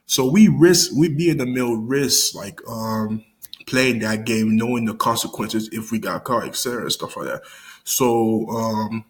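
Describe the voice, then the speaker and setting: A man's voice: unhurried, poor audio. A young man telling a story from his school days to his viewers, rambling and full of fillers, slang and restarts, his voice jumping up when he acts out the scenes. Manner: animated, jumps high when acting out scenes. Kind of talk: casual storytime vlog.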